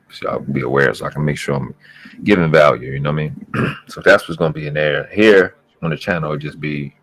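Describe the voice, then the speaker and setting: A man with a Southern accent, hosting his channel in loose, rambling casual talk with plenty of cursing. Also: very deep voice. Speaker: channel host.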